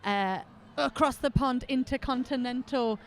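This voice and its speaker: A woman's voice: high-pitched, a little slow. A woman from New Zealand commentating a roller derby game live, chatty and playful, bantering with her co-commentator.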